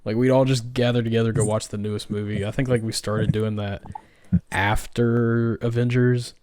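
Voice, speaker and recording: A man's voice: mid-range voice, flat delivery, moderate pace, darkish tone, smooth. A man co-hosting a podcast in casual chat, rambling and full of fillers. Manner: rambling, full of likes and ums. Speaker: podcast co-host. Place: home, on a live stream.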